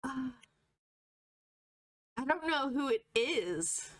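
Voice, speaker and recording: A woman streamer reading a webcomic with her husband, giggly and excitable in casual chat. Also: sits high, drawn-out words.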